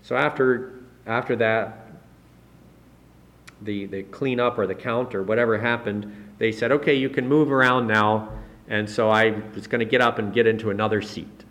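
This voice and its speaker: A man preaching in a relaxed, conversational way, correcting himself often and pushing his voice up to stress key points. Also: normal speed. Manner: relaxed, chatty preaching with frequent self-corrections; rises in pitch and volume to stress key points. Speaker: pastor. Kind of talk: conversational sermon.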